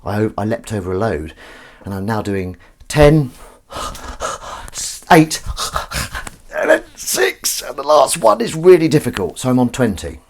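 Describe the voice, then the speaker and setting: A man's voice: medium pitch, very animated, normal speed, darkish tone. A man hosting a casual home live stream, chatting to viewers and his cat while washing up in his kitchen. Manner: rambling, chatty, talks to viewers and his cat, sings little tunes.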